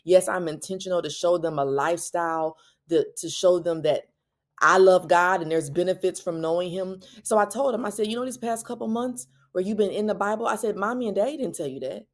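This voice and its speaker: A woman, telling a personal faith story as a Christian parenting speaker, her voice jumping higher when she quotes people. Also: brisk. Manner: animated, rising pitch when quoting others.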